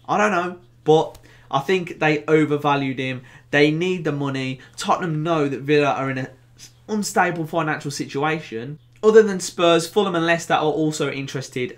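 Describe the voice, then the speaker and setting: A young man with a Birmingham accent hosting a casual football vlog, animated and jokey, with bursts of excitement. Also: a little high. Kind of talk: casual to-camera football chat.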